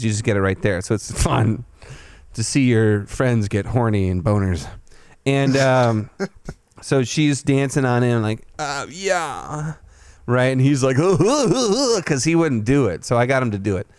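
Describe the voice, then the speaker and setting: A podcast host tells a long story in casual chat, swearing freely and leaping into a loud, high voice whenever he quotes himself. His voice comes across smooth, with no room sound.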